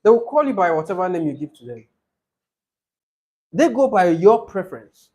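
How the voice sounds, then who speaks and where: A man's voice: high voice, very animated, moderate pace, a little mellow. A man tutoring a speaking-test session, explaining patiently and repeating his examples. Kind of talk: classroom coaching.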